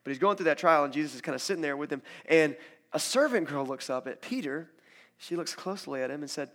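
A man preaching a sermon in a conversational, animated storytelling way, acting out quotes as he goes. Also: on the high side, a little fast. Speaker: pastor.

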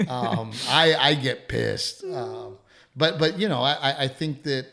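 Animated middle-aged man, chatty co-host. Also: medium pitch, slow pace, vocal fry. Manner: animated, acts out quotes, swears freely. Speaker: podcast co-host. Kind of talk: casual chat.

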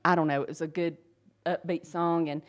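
A woman's voice: sits low, level tone, fairly quick. Earnest woman giving a faith testimony. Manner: earnest and emphatic, conversational with fillers. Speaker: speaker sharing a faith testimony. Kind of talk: personal testimony.

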